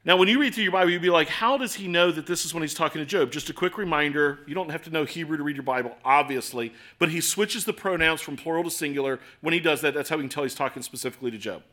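A man in his forties preaching a sermon in a conversational, self-deprecating way, with swings between loud and soft. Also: a little high, fast, few pauses. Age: 40s. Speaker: pastor.

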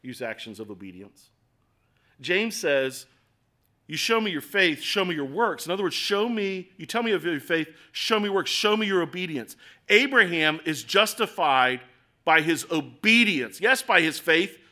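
Animated, bright-voiced male preacher. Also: a little high, unhurried. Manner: conversational, animated preaching with acted asides. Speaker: pastor. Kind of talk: sermon.

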